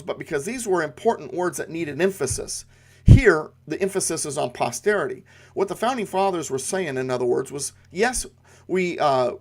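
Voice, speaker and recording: A middle-aged man from the United States talks through a civics lesson in an earnest, explanatory way. His voice sits a little higher than most men's, and he leans on key words by repeating them, with the odd "uh" between thoughts. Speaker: constitution teacher.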